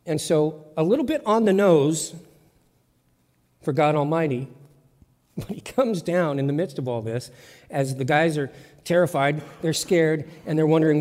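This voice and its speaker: A man's voice: a little high, normal speed, a little mellow. A man preaching a sermon as pastor, in an emphatic, conversational way with lots of repetition. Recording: long church reverb.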